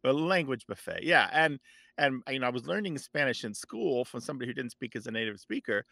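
Bright-voiced man explaining language. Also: medium pitch, fast talker, creaky, no echo. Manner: explanatory, animated, with many restarts. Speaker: language expert guest. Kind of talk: radio call-in talk.

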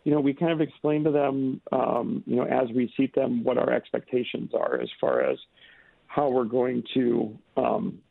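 Heard over a phone line, a chef who co-owns a restaurant speaks as a radio guest, halting and full of fillers and restarts. His mid-range voice is animated and gravelly, and the recording is dry.

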